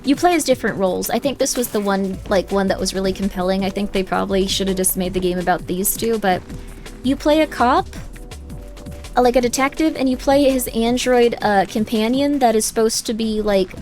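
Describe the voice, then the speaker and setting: A woman livestreaming a game speaks briskly in a medium-pitched, slightly mellow voice. Her casual chatter wanders, packed with filler words, especially "like," with faint game music underneath.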